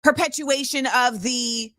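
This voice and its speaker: A woman host in her thirties delivering an impassioned commentary monologue, emphatic and forceful, with repeated rhetorical phrasing. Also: high-pitched, a little slow, dry recording, clean studio sound.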